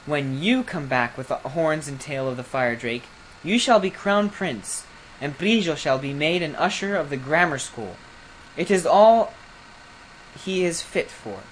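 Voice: mid-range voice, animated, measured pace, slight background noise, lightly acted, poor audio. Reader doing a scheming old king. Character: scheming old king, sly and self-serving.

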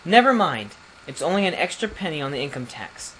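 A man voicing a stern, stubborn old king who blusters and gives orders in a raised, forceful voice. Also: on the high side, sing-song, brisk, slight background noise, poor audio. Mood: savage. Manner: blustering, commanding.

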